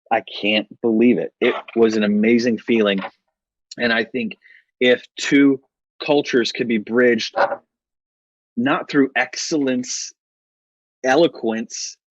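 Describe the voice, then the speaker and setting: A man's voice: mid-range voice, no echo, highs cut off. An American man on a podcast as a guest, telling stories in a rambling, self-correcting way and laughing often. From United States. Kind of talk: casual interview storytelling.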